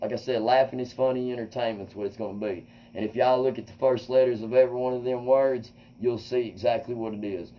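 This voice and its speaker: Animated man telling a story. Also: medium pitch, fast, few pauses, low-quality recording. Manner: animated, swearing, acts out quotes loudly. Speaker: comedian host. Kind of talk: casual storytelling to viewers.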